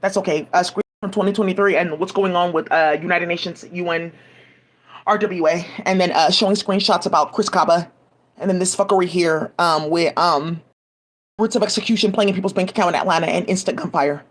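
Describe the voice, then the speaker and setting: A woman's voice: fairly low pitch, fairly even intonation, fairly quick. A woman giving rambling, profane commentary full of restarts, agitated asides and fillers, speaking into a home mic. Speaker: commentary vlogger.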